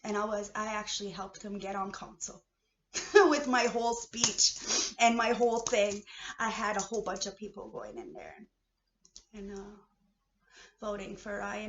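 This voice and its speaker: A woman from Canada in a heated, profane personal rant, swinging between low muttering and shouting. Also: animated, measured pace, long pauses, a little hiss or hum. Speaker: vlogger. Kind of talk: emotional personal rant to camera. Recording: echoey room, dull lo-fi sound.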